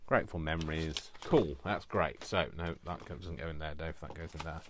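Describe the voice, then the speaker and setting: A man's voice: a bass voice, a little fast, slight background noise. A man hosting a crafting video, chatting casually as he works, talking to himself and poking fun at himself, prone to fits of giggling. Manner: talks to himself while working, rambling and self-mocking. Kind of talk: casual crafting vlog narration.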